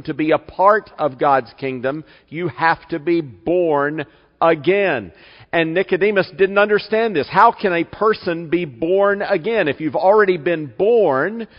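Slow, deliberate preaching man in a church hall. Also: fairly high pitch, highs cut off. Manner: measured preaching with slow, emphatic scripture reading. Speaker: pastor. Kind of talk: sermon. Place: church sanctuary.

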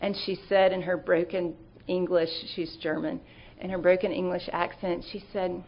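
A woman's voice: on the low side, level tone, moderate pace, gravelly, lo-fi sound, slight background noise. A middle-aged woman giving an earnest, conversational sermon talk, telling stories with fillers and restarts.

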